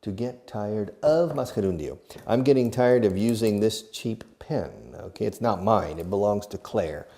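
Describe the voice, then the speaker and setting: A man's voice: on the low side, normal speed, hardly any pauses, dark tone. A middle-aged man teaching an English lesson to a camera, asking himself questions and answering them playfully. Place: classroom filmed for video. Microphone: camera operated by an assistant.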